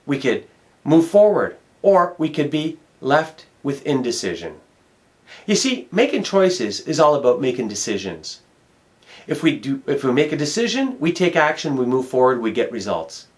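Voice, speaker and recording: A man's voice: medium pitch, big pitch swings, moderate pace. A middle-aged man, a motivational speaker, giving an emphatic self-help talk and repeating key words for effect. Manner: storytelling.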